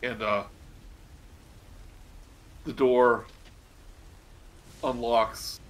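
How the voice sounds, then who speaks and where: A man narrating a tabletop game as game master, casual and halting, with fillers. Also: mid-range voice, fairly even intonation, rough recording.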